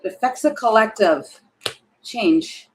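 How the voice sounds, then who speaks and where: Woman, tarot reader, live reading, chatty, thinks aloud, middle pitch, faint background noise. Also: lively intonation, takes it slowly, rough recording. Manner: chatty, thinking aloud, acts out little quoted voices; exasperated about the energy.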